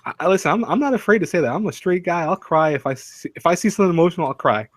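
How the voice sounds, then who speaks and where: A young man hosting a live stream talks fast in a slightly high voice, rambling and joking and often restarting his sentences. The sound is dry and close. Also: animated, no echo. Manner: rambling, jokey, many restarts. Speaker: stream host. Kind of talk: casual live-stream chat.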